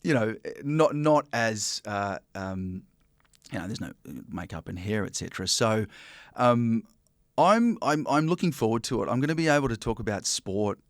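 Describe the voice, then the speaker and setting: A man's voice: fairly low pitch, big pitch swings, normal speed, no echo. Chatty Australian man, dry sound. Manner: chatty, with many ums and restarts. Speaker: interview guest, broadcaster. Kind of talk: casual interview chat.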